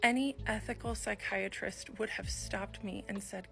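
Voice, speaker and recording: A woman's voice: mid-range voice, moderate pace, creaky, hardly any pauses, a bit bright, soft background music. A woman telling a personal story in confessional style, acting out the dialogue she quotes. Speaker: video storyteller.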